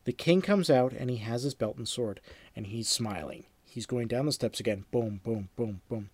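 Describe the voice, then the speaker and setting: Male lecturer, lively anecdote reader, middle pitch, dry room. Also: normal speed, husky, no echo. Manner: animated storyteller, acts out sound effects, repeats himself. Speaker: screenwriting teacher. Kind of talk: lecture reading anecdotes aloud.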